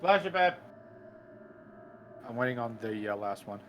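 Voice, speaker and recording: A man chatting casually as a player at a tabletop game, pausing often with fillers. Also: medium pitch, expressive, a little hiss or hum. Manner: halting, full of fillers.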